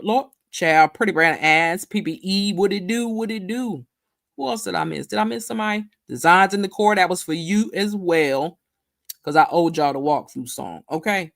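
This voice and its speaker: A woman's voice: lowish voice, normal speed, vocal fry. A woman hosting a casual livestream chat, greeting viewers by name and stretching her words out. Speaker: livestream host.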